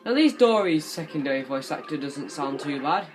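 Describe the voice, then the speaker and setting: A man's voice: a little high, animated, normal speed, low-quality recording. A young man in his twenties giving casual, rambling gameplay commentary, chatty and swearing now and then. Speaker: gaming commentator. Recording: game music playing behind.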